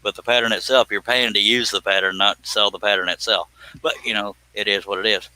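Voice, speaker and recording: A man's voice: on the low side, steady tone, brisk, bright, forceful tone, poor audio. A man hosting a casual live stream while he works, rambling and joking in a folksy way. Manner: rambling, folksy, jokey, exclaims "by God". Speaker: livestream host, scroll saw pattern designer.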